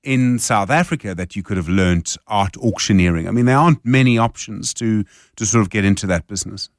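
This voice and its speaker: A man hosting a radio interview, relaxed and prompting his guest with short remarks. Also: lowish voice, brisk, dry recording, clean studio sound. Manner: relaxed, with brief affirming murmurs. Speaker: radio show host. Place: radio studio.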